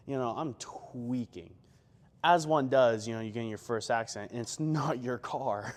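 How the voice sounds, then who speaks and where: A man's voice: mid-range voice, moderate pace. A young man chatting casually between gym sets, rambling with lots of fillers and self-deprecating asides. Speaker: gym vlogger.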